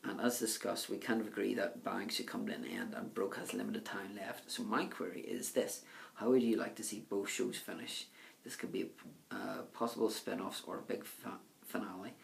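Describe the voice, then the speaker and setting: A man's voice: on the low side, level tone, normal speed, vocal fry. A man vlogger answering viewer questions in a casual, rambling monologue full of filler words. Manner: rambling, full of "um", "you know" and "like".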